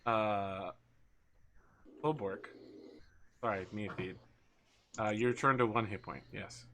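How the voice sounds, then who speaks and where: A young adult man narrating a tabletop game as game master, slowing down for dramatic moments. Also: on the low side, bright, forceful tone, slight background noise.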